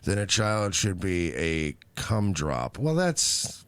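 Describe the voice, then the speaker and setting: A man co-hosting a casual podcast, throwing in dry, deadpan jokes. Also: sits low, takes it slowly, clean tone, no echo. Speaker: podcast co-host. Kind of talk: casual chat.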